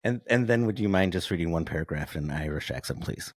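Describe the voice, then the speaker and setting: A man's voice: low voice, animated, quick pace. A man co-hosting a podcast, talking in a playful, joking manner. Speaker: podcast co-host. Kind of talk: podcast interview.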